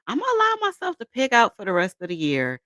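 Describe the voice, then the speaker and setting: A woman's voice: a little high, wildly swooping pitch, quick pace, sharp tone, no echo. A woman in her thirties hosting a casual livestream, greeting viewers by name and laughing often as she chats. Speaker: livestream host.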